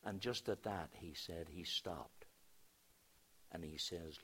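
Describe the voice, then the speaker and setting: A man preaching a sermon as a pastor, telling a story in a storytelling way, hushing his voice and then rising for emphasis. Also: low-pitched, slow, pauses often, breathy edge.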